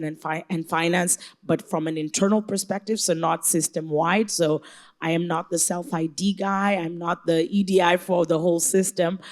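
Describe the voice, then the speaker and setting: Female government official on a panel, lowish voice, polished policy speech. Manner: fluent, policy-speak with frequent restarts. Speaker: government equity and inclusion officer. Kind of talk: panel discussion remarks.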